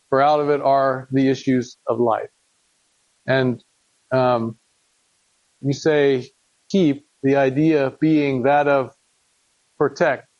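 A man's voice: on the high side, a little mellow, no echo, muffled recording. A man teaching from the Bible, reading verses aloud and then explaining them plainly while asking the congregation questions. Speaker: preacher.

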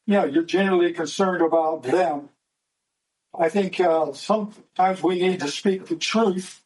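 High-voiced man, distant from mic. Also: measured pace, a little mellow. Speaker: study group member. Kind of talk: casual group discussion.

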